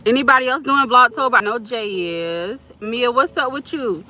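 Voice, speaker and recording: A woman's voice: a little high, moderate pace, bright, forceful tone. A woman live-streaming from her parked car, chatting casually and answering viewers' comments. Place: parked car at a curbside pickup.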